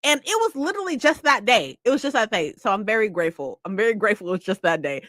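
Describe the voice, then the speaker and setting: A woman's voice: medium pitch, sing-song, fast, fairly bright tone, no echo. A young woman from California chatting casually with viewers, swearing freely and laughing often. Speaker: streamer. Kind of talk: casual chat.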